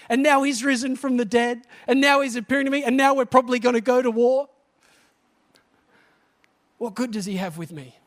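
A man preaching, voicing a confused, guilt-ridden grown disciple in an anxious rambling inner monologue. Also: very high-pitched.

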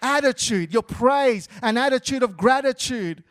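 High-voiced pastor preaching a sermon. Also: male voice, animated, measured pace, fairly bright tone. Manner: repeats words, call-and-response with the church.

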